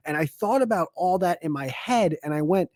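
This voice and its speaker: A man's voice: high-pitched, animated, a little fast, a little mellow, no room sound. Rambling, profane man, dry close mic. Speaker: podcast co-host. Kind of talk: casual podcast chat.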